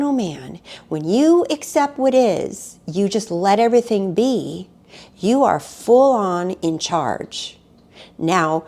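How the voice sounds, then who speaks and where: A woman's voice: medium pitch, a little mellow. A woman coaching her audience on acceptance in a motivational monologue. She talks animatedly to the camera on a close mic and builds to emphatic outbursts. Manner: acts out panicked inner voices. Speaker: spiritual life coach.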